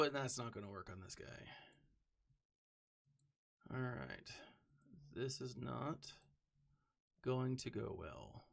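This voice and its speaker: A young adult man streaming a game live, chatting casually and rambling between moves, now and then humming to himself or shouting a greeting to a viewer. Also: mid-range voice, lively intonation, slow pace, creaky, pauses often. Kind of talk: casual live-stream chat while gaming.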